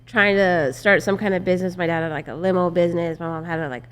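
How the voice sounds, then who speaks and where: A woman who owns a restaurant, relaxed and telling stories as a guest on a podcast. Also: fairly low pitch, fast talker, smooth, big-room sound. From California. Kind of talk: casual podcast chat.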